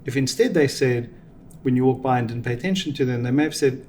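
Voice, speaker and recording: A middle-aged man giving reflective, measured answers in an interview, explaining ideas with examples. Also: mid-range voice, darkish tone, a little hiss or hum. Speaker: venture capital guest.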